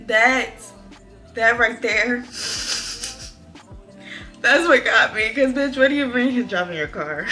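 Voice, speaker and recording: A young woman tells a story to her viewers in a bright, forceful voice that sits a little high. She talks in a lively, profane, exclamatory way. Faint music plays behind her. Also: takes it slowly, pauses often. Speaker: vlogger. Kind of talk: casual storytime.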